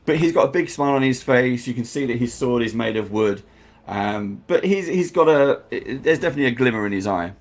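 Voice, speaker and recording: A man's voice: mid-range voice, animated, fairly quick. A man narrating as game master, acting out crowd noises and sound effects.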